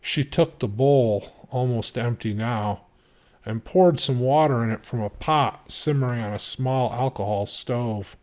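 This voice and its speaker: A man reading a novel chapter aloud in steady, measured narration. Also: mid-range voice. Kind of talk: audiobook reading.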